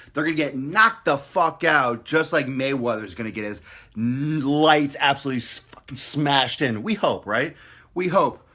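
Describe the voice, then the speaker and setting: Male fitness vlogger, loud profane hype man, punchy tense tone. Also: on the high side. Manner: profane, mocking, hyped-up. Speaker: fitness vlog host. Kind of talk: brash motivational rant.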